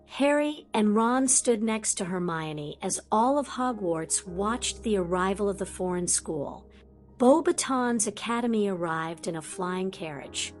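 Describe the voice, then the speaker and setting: A woman narrating a fan fiction audiobook in a measured, unhurried reading. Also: mid-range voice, expressive, faint music behind.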